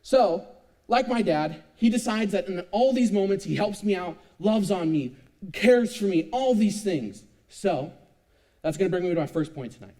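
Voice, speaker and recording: A young man in his twenties giving a youth sermon, telling a lively, self-mocking personal story. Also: sits high, normal speed. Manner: animated, self-mocking storytelling with frequent laughs. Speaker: youth speaker.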